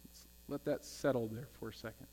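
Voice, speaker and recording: A man, the senior pastor, preaching a casual, energetic sermon and trading call-and-response with his congregation. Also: mid-range voice, fairly quick. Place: church sanctuary. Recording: long hall reverb with mains hum.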